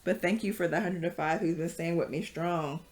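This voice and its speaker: A woman's voice: lowish voice, steady tone, normal speed. A woman leading a casual yoga class, chatty and rambling, with many fillers and frequent laughs. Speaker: yoga instructor.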